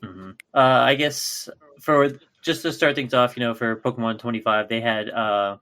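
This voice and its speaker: A man co-hosting a podcast in casual chat, relaxed, stumbling over repeated words when excited. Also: medium pitch, moderate pace. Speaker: podcast co-host.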